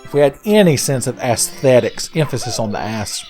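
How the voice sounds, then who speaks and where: Young man, gameplay commentary, sarcastic and profane, mid-pitched voice, faint music behind. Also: very animated, a little fast, darkish tone. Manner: sarcastic, profane, rambling jokes. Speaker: let's play host.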